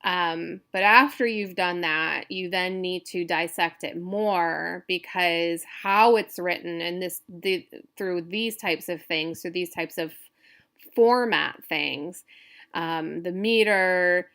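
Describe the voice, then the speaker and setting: A woman's voice: fairly low pitch, slow pace, a bit bright, clear, resonant tone. A woman instructor giving a recorded lecture, explaining step by step with frequent fillers and restarts.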